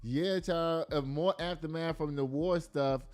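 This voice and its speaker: Casual male news-commentary host, slangy and animated, faint music underneath. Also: fairly high pitch, measured pace. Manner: animated, slangy, reacts aloud while reading.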